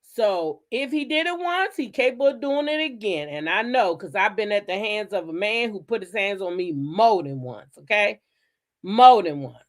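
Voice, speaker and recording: A woman hosting her own channel, telling stories in a blunt, profane, animated style. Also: mid-range voice. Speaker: channel host. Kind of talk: casual commentary chat.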